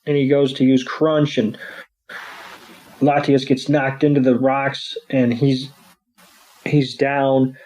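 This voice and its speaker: A man hosting a podcast, casually recapping a cartoon episode with crude jokes and quick voices for the characters. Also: mid-range voice, level tone, darkish tone, poor audio. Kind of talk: casual chat.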